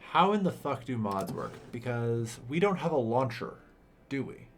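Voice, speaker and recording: A young man streaming a strategy game, ranting and swearing in loud exasperated bursts, then muttering to himself. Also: mid-range voice, big pitch swings, normal speed, slight background noise. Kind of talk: casual game stream commentary.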